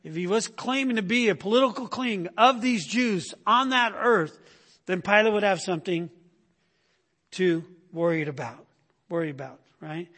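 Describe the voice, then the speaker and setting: A man preaching a sermon with a fairly high voice. He talks to the room in an easy, chatty way and tags his points with "right?" He lifts his voice when he acts out the people he quotes. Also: lively intonation, normal speed, a bit bright. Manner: conversational, keeps asking "right?"; acts out quoted speakers in raised voice. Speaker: pastor.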